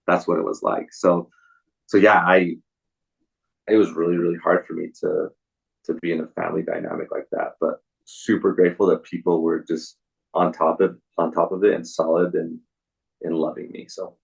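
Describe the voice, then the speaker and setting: Deep husky young man, soft-spoken guest. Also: lively intonation, muffled recording. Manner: soft, halting, many restarts. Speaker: podcast guest. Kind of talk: casual interview storytelling.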